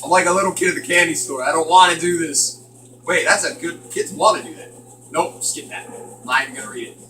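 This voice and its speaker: A bright, fairly high-voiced man talks through a horror game, jumpy and nervous, cracking jokes to keep himself going. He sits back from the mic in an echoey room with a faint hiss behind him. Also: brisk, far from the mic. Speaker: gaming channel host. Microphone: distant from the mic.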